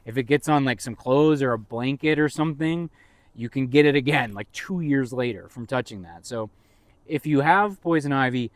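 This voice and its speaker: A man's voice: medium pitch, normal speed, no room sound. A man co-hosting a podcast in casual chat, rambling and teasing his co-host with jokes.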